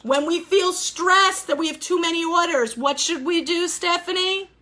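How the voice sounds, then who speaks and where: A woman's voice: very high-pitched, normal speed, pushed and bright. A woman teaching a life skills class over a video call, upbeat and encouraging as she quizzes her students.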